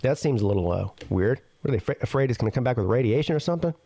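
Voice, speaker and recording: A man's voice: medium pitch, animated, racing, mellow, no room sound. A man hosting a live sports talk stream, chatting casually with frequent stammers and restarts. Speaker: sports show host.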